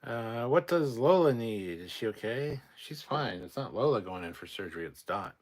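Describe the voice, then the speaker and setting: With lively intonation at a normal speed, a tired man hosting a casual late-night stream reads chat aloud and rambles. Short on sleep, he mumbles and slips into low mutters.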